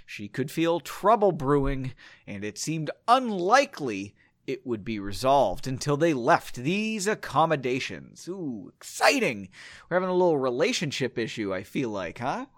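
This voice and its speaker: A man's voice: a little high, bright, forceful tone, no echo, clean studio sound. A man reading a story aloud, breaking off for self-mocking, joking asides. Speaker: story reader. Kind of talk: casual read-aloud with commentary.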